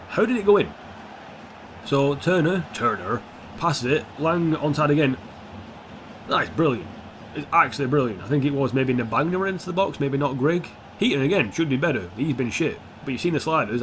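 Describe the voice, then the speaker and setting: A man's voice: mid-range voice, a little hiss or hum. Sweary young man commentating a game. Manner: sweary, excitable, swings between mutters and shouts. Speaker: gaming YouTuber. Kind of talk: gameplay commentary.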